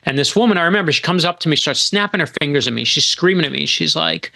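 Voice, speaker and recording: A man in his forties, a guest author, telling stories in an animated, emphatic way in casual podcast talk. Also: on the high side, fast, gravelly, hardly any pauses.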